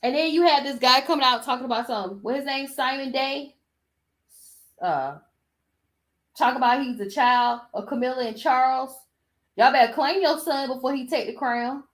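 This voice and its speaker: Sassy animated woman podcaster. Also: high-pitched, moderate pace. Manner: sassy, animated, talks back at clips. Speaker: podcast host. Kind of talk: casual commentary.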